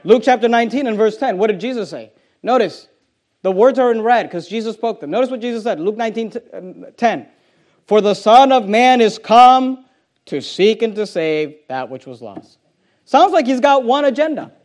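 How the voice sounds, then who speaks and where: A man's voice: extremely high pitch, brisk, darkish tone. A man preaching a sermon as pastor, emphatic and confrontational, hammering home repeated phrases.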